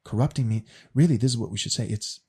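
A man's voice: mid-range voice, fast talker, a little mellow, slightly rough. A man casually explaining a faith question as a teacher, earnest and often repeating words as he restarts.

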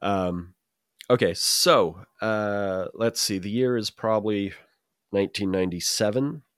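A man's voice: lowish voice, unhurried, a bit bright, smooth, dry recording. A man who grew up in Utah, co-hosting a casual chat show, rambling with repeats and dry jokes. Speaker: podcast co-host.

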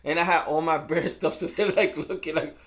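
A man co-hosting a podcast, telling stories in an animated casual chat and acting out what people said. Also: on the high side, brisk. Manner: animated storyteller who acts out quotes. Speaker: podcast co-host.

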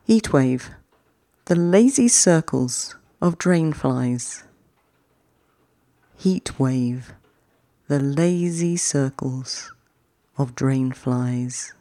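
A poetry-podcast host reads short poems in an unhurried, deliberate way, pausing long between lines. The voice is mellow and of middling pitch. The sound is dry and close, with no room around it. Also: expressive, dry recording. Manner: reads each short poem twice with long pauses; chatty, quicker sign-off. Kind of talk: slow, measured poetry reading.

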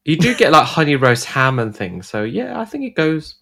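A man's voice: a little high, big pitch swings, normal speed, gravelly, sharp tone. A man with an English accent co-hosting a podcast, playful and laughing often. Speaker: podcast co-host. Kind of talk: casual chat.

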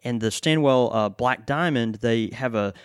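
A man co-hosting a casual podcast chat, relaxed and full of fillers and restarts. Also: medium pitch, normal speed, clean tone, dry recording, clean studio sound. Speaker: pipe shop co-host.

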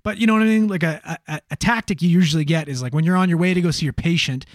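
Profane, fast-telling man with a dry sound. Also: fairly high pitch, no echo. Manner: animated, profane, filler-heavy storytelling. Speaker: emergency medical worker. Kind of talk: casual storytelling chat.

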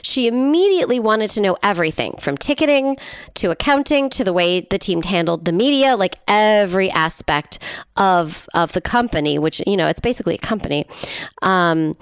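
A woman's voice: lowish voice, clear, resonant tone, dry recording, studio quality. A woman co-hosting a podcast in casual chat, telling stories, chatty and laughing often. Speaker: podcast co-host.

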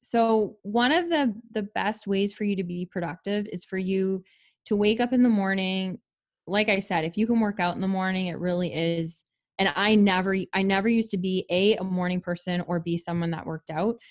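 A woman's voice: mid-range voice, moderate pace. A woman co-hosting a podcast, giving casual practical advice with lots of fillers. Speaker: podcast co-host. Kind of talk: casual chat.

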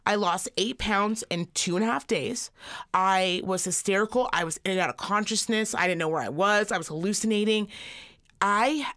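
Profane, animated woman telling a story. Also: medium pitch, moderate pace. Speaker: podcast co-host. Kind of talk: casual storytelling chat.

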